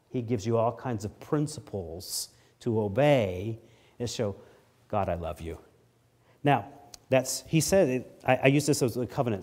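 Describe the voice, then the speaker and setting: A middle-aged man delivers a sermon in an expressive preaching manner. He reads scripture with rising force and lowers his voice for the asides. His voice sits at an ordinary middle pitch. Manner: expressive preaching, rises loud on scripture readings, drops low on asides. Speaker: pastor.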